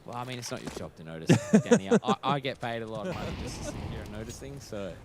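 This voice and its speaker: A man's voice: medium pitch, lively intonation, a crowd in the background. A man commentating a live esports match, joking and teasing his co-caster. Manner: joking, self-mocking, quick asides. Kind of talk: live game commentary, banter. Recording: noisy game sounds behind.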